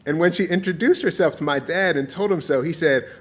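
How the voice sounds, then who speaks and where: A man's voice: a little high, brisk. Man in his forties reading an essay. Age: 40s. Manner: warm, playful storytelling, breaking into laughter. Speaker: author.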